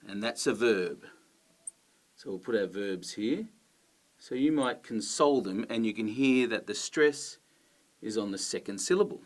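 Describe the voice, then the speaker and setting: Australian male teacher, lower voice, clear and emphatic delivery to camera. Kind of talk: explaining to camera.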